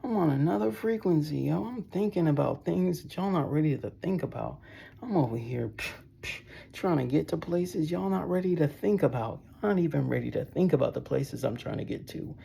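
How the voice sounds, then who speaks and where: A man's voice: on the high side, lively intonation, fairly quick, vocal fry, dark tone, slightly rough. A man talking casually to his viewers in a loose, meandering monologue, often tossing in "bro" and "y'all.". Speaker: vlogger. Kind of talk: casual rambling monologue to camera.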